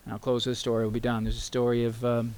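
A man preaching in a church with earnest, pleading emphasis. He draws out key words slowly as he speaks to his congregation. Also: medium pitch, monotone, a little mellow. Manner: addresses the congregation and tells a story. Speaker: pastor. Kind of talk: sermon.

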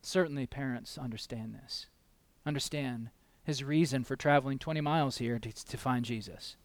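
A man preaching a sermon with passion, questioning his listeners again and again and swinging from loud emphatic peaks down to quiet asides. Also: mid-range voice, normal speed, no room sound. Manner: asks the listeners many rhetorical questions; acts out the voices of people in the story.

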